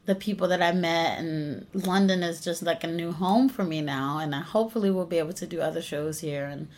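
Brisk and on the low side, a young woman from the US, an actress and singer, tells stories with plenty of energy in a casual interview. She laughs often.

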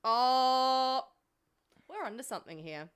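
A woman's voice: high voice, lively intonation, takes it slowly, a bit bright, smooth. A woman co-hosting a podcast in casual chat, laughing often and swearing freely. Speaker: podcast co-host.

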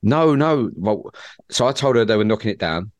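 Deep-voiced rambling bloke. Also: male voice, expressive, normal speed, no echo. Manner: rambling storyteller, laughs at own tales. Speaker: podcast co-host. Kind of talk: casual chat.

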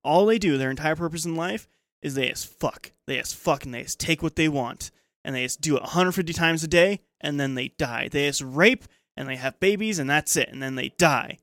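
A young man co-hosting a podcast, chatting through a TV episode with animated energy, laughing often and swearing freely. His voice sits a little high for a man. The sound is dry and close, with no room around it. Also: fairly quick, no room sound. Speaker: podcast co-host. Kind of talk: casual chat recapping a TV show.

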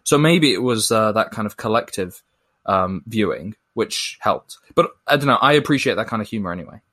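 A man talking in a relaxed conversation. He sounds thoughtful and measured, hedging his points with fillers as he goes. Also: fairly low pitch. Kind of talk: casual conversation.

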